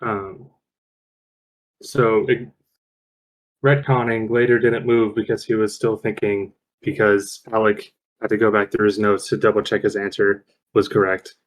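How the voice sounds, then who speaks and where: A man's voice: fairly low pitch, little pitch movement, unhurried, poor audio. A man playing a tabletop game on a voice call, narrating his character's moves and stopping to second-guess himself. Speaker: player. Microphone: headset or desk mic on a voice call.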